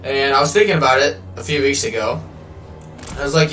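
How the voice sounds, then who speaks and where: A man's voice: mid-range voice, brisk, sharp tone, reverberant, recorded from a distance. A man live-streaming a game, chatting casually and rambling, swearing freely as he plays. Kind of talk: casual live gameplay chat. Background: game music.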